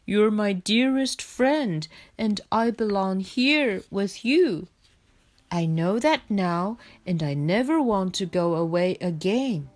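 A woman voicing a little male bear in a storybook reading, quiet and gentle, speaking slowly and plainly. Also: mid-range voice, animated. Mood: tender. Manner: slow, quiet, plain speech.

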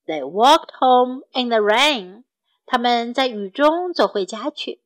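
A woman with a high, bright-toned voice reads a children's story, alternating between two languages. Her delivery is slow, gentle and clear, made for young listeners. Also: lively intonation, poor audio. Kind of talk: bilingual children's story reading.

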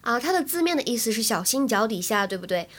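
A woman's voice: a little high, very animated, fast, a bit bright. A woman English teacher, explaining phrases to students in a chatty way, often checking in with "right?".

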